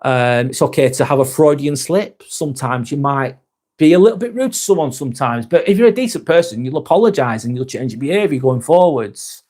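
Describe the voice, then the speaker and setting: A man's voice: mid-range voice, expressive, brisk, a little mellow. A man hosting a casual live stream, reading out chat comments in a rambling, sweary, sometimes sarcastic way.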